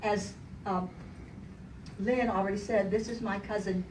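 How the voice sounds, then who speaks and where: A woman's voice: medium pitch, fairly even intonation, unhurried. An older woman giving her retirement farewell speech, joking and chuckling as she tells stories to an audience. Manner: warm, joking, chuckling storyteller. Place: large hall at a retirement celebration. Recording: echoey hall from far off, crowd noise. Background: audience chatter and laughter.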